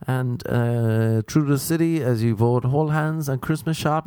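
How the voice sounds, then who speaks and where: Dry-voiced deadpan male comedian. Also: medium pitch, a little slow, hardly any pauses, clear, resonant tone, no room sound. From Ireland. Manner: deadpan, dry repetition, acted-out mocking quotes. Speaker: stand-up comedian. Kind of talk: stand-up comedy routine.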